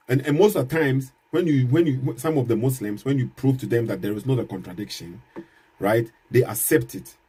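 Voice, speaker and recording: Guy making his case to camera, kinda husky, slow and repetitive, asks lots of rhetorical questions. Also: medium pitch, dark tone. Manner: measured, repeats points, rhetorical questions, dry chuckles. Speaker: Christian apologist vlogger. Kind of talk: casual argumentative commentary to camera.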